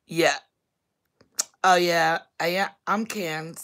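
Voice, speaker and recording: A woman from New York with a strong local accent chats on her podcast. She talks slowly and jokes around, breaking into laughter often. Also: lowish voice, fairly even intonation, a bit bright. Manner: playful, jokey, laughs often. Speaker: podcast host. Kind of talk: casual chat.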